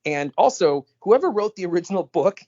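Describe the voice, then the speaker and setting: A man co-hosting a podcast, chatting casually over a call. His pitch swings widely as he talks, leaping up whenever he mimics someone. The sound is dull and lo-fi, like a remote line. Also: a little fast. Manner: animated, jumps pitch when quoting people. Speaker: podcast co-host. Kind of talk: casual chat. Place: on a phone call.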